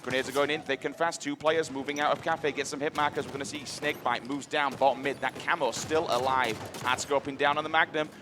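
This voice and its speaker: Energetic male esports caster. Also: medium pitch, fast, few pauses, noisy background. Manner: energetic, hypes the crowd. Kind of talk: play-by-play commentary. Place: live event stage.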